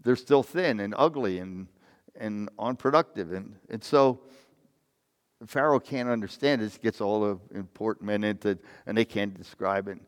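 A man's voice: fairly low pitch, moderate pace. A man preaching a sermon, retelling a Bible story in an informal way, often correcting himself as he goes and reading out verses. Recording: long hall reverb.

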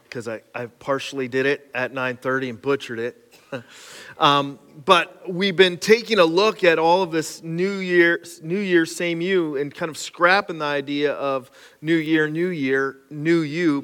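A man's voice: a little high, steady tone, unhurried, fairly bright tone. A man preaching a sermon in a church, opening with a prayer and talking in a casual, conversational way with self-deprecating asides. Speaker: pastor. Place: church sanctuary. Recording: long church-hall reverb.

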